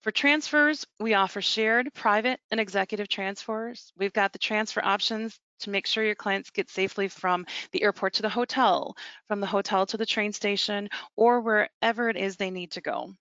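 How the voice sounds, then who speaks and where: A woman's voice: medium pitch, steady tone, a bit bright, clean tone, no room sound. Woman presenting a webinar, lo-fi audio. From North America. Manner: brisk, salesy, with small slips. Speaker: travel company presenter.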